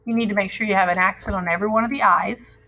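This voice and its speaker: A woman's voice: mid-range voice, fairly even intonation, racing, pushed and bright, highs cut off. Patient woman teaching a grammar lesson. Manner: patient, drills students in call and repeat. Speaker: Spanish teacher.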